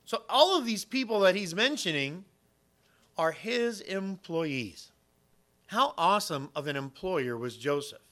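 A middle-aged male pastor delivers a sermon in a relaxed, conversational way, slipping in self-deprecating jokes. His voice sits slightly high and rings bright and forceful. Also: a little slow.

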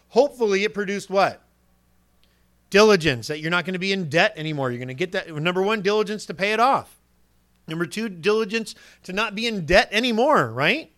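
High-voiced earnest male preacher. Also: a bit bright. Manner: earnest, direct, rhetorical questions, acts out quoted speech. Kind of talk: sermon.

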